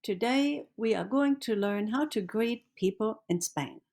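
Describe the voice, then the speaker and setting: A woman's voice: a little high, lively intonation, a little slow, gravelly, darkish tone. A woman teaching a beginner's language lesson, patient and encouraging, repeating phrases for the listener to practice.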